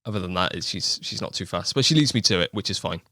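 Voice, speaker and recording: Forceful and animated, a young man's low, bright voice carries a West Country English accent as he chats as a podcast guest in a casual interview. He jokes, talks fast and laughs at himself, captured in studio quality with no room sound.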